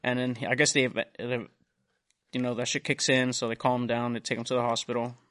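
A man's voice: medium pitch, little pitch movement, fairly quick, a bit bright. Profane young man telling a rambling story. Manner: rambling, profane, retells dialogue in quotes. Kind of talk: casual storytelling chat. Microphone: studio mic.

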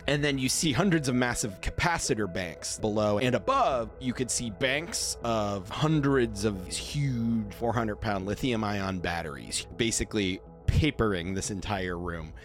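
A man's voice: lowish voice, measured pace, few pauses, faint music behind. A man running a science-fiction tabletop game as game master, describing scenes in nerdy detail and laughing often. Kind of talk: narrating a sci-fi tabletop game.

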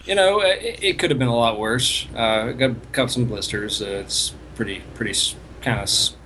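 A man co-hosting a podcast, telling a story in rambling, halting sentences that trail off into quiet fillers. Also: medium pitch, a little hiss or hum. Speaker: podcast co-host. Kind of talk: casual chat.

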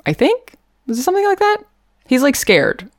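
A woman's voice: high-pitched, huge pitch swings, moderate pace, dry recording, studio quality. A woman co-hosting a podcast, recapping a TV episode in a chatty, jokey way with lots of fillers and laughter. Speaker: podcast co-host. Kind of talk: casual chat recapping a TV episode.

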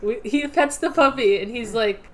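A woman co-hosting a podcast in casual chat, quick and playful, full of jokes and "like" fillers. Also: fairly high pitch. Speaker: podcast co-host.

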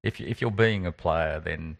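A man's voice: low-pitched, normal speed, vocal fry. A man co-hosting a casual chat about running tabletop games, rambling and trailing off as he laughs. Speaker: podcast co-host, tabletop game master.

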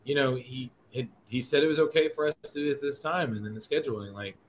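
Talking fast in a mid-range voice, a male podcast host rambles through casual chat, swearing and catching his own mistakes. A slight hiss or hum sits in the recording.

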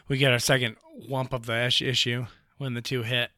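A man of middle pitch with a bright, sharp tone, co-hosting a relaxed podcast. He throws in quick, wry jokes between his partner's lines, and the voice sounds close and dry. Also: dry recording. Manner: wry, quick jokey asides. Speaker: podcast co-host. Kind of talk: casual chat about comics.

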